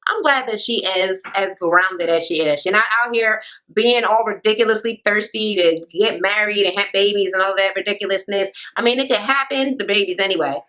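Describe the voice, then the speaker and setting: A woman's voice: medium pitch, moderate pace, pushed and bright, rough recording. A woman vlogger ranting through a reality TV recap, blunt, sassy and full of profanity, with sarcastic asides to the viewer.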